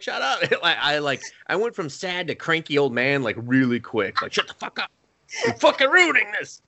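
A young man co-hosting a casual podcast, swearing freely and acting out quotes in a higher voice. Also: pushed and bright. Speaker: podcast co-host. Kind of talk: casual chat.

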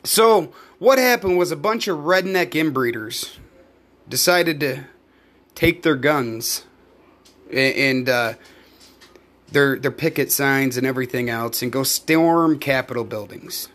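A man's voice: mid-range voice, expressive, takes it slowly, fairly bright tone. A man, hosting a podcast, ranting alone in a heated and profane way. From United States. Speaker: podcast host; live performer. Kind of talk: angry solo rant.

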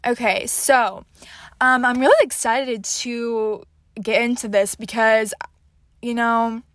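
A woman's voice: on the high side, steady tone, slow pace, no room sound, clean studio sound. A nineteen-year-old woman from Houston hosting her podcast in a casual, scatterbrained chat with lots of fillers. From Houston, Texas. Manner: chatty and scatterbrained, many fillers. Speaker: podcast host.

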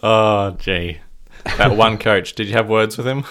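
A man co-hosting a podcast in a curious, questioning casual chat, quick to laugh. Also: fairly low pitch, fairly bright tone, slight background noise. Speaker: podcast co-host.

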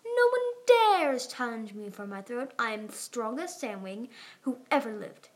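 A woman's voice: a little high, very animated, measured pace. A woman voicing a small, timid young female dragon pretending to be a grand queen. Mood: playacting. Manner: hesitant, playacting a grand queen.

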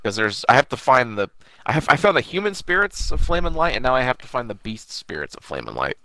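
A man's voice: mid-range voice, very animated, fast, sharp tone, no room sound. A young man co-hosting a podcast, recapping an anime episode in loose, profane casual chat. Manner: loose and profane, acts out characters in bursts. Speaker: podcast co-host.

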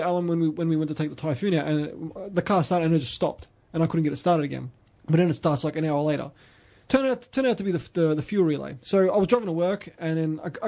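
Fast-talking Australian man telling stories. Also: high-pitched, a little mellow. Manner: rambling storyteller with many restarts. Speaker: podcast host. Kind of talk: casual chat.

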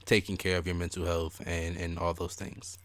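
A man's voice: sits low, moderate pace. A young man co-hosting a casual chat, telling stories animatedly and acting out what people said. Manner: animated storyteller, acts out quotes. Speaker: podcast co-host.

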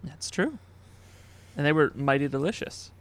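A man's voice: a little high, expressive, normal speed, fairly bright tone. A man co-hosting a podcast, joking around in casual chat and laughing often. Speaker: podcast co-host.

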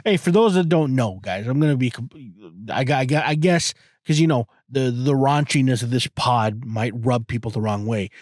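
In a casual monologue, a podcast host in his thirties rambles crudely and profanely, restarting his sentences often. His voice is mid-range, and the clean studio recording has no echo.

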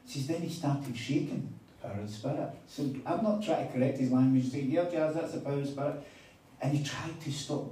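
A man's voice: mid-range voice, a little hiss or hum. Man preaching in an echoey hall. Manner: animated, chatty storytelling with quoted dialogue. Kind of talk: sermon with storytelling. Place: conference hall on a weekend retreat. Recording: echoey hall, mic at a distance.

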